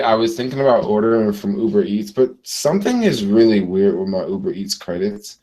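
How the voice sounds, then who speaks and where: A young man talks straight to his viewers in an easy, rambling vlog style. His voice sits a little low and has a warm, mellow tone. He sounds offhand and unhurried as he chats. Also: expressive, rough recording. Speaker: vlogger. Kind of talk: casual vlog chat to viewers.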